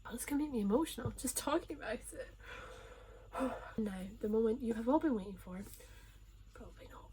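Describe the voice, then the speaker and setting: A woman reviewing her favourite books in a casual vlog, gushing and emotional, often dropping into a soft whisper. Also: mid-range voice, slight background noise. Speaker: book reviewer.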